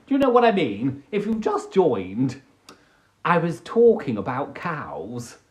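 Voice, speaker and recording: A man chats casually to his livestream viewers through a phone mic. He tells stories theatrically, with a lively, swooping voice. He talks unhurriedly in a slightly high register. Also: a little slow. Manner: animated, theatrical storytelling with put-on voices. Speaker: livestream host.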